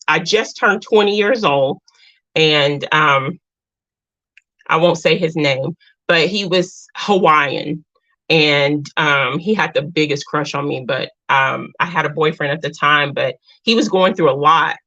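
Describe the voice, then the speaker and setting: A woman hosting a casual chat with viewers, speaking earnestly with halting restarts. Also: on the low side, a bit bright. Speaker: channel host. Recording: dull lo-fi sound.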